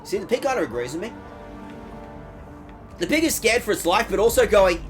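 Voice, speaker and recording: A high-voiced man hosts a game stream and riffs on whatever crosses the screen. His pitch swings all over as he jokes and swears, with music running underneath. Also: a little fast, pauses often. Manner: jokey, riffing, swearing, lively bits. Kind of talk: casual gaming stream chat. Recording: music playing behind.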